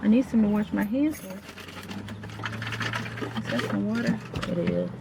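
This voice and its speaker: A woman's voice: mid-range voice, unhurried, gravelly. A woman vlogging casually outdoors, chatting straight to her viewers. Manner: chatty, addresses viewers directly. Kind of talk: casual vlog narration. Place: outdoors among traffic and shops. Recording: loud traffic and street noise.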